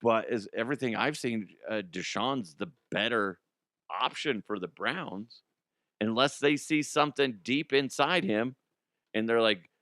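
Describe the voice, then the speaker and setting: A man's voice: medium pitch, a little slow, fairly bright tone, no room sound, studio quality. A man hosting a comedic sports talk show, rambling and profane, slipping into mock impressions.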